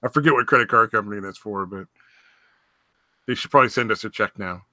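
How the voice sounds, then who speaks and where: A man's voice: fairly low pitch, fast talker, bright, forceful tone, no echo, clean studio sound. A man co-hosting a podcast, cracking crude jokes and swearing a lot in casual banter. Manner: profane, joking, laughs often. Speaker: podcast co-host.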